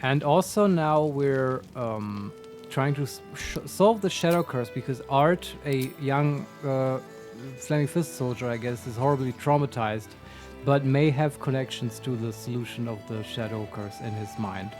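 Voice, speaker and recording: A mid-pitched man co-hosts a live game stream in a loose, chatty way. He explains the play to viewers and jokes as he goes. Faint music sits under his voice. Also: a little slow, darkish tone. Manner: chatty, explains the game to chat with joking asides. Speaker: co-host streaming a video game. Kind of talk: casual gaming stream chat.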